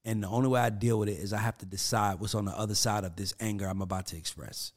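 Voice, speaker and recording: A man's voice: fairly low pitch, quick pace. A man talking casually as a podcast guest, telling stories with energy, acting out the quotes and cursing freely. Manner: animated storyteller who acts out quotes, curses freely.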